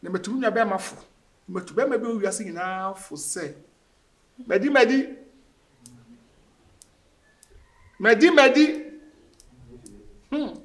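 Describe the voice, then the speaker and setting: A man's voice: sits high, quick pace, lightly acted. An actor playing a distressed man who begs and warns, repeating his words. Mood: solemn. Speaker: actor in a Ghanaian film. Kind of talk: emotional film acting.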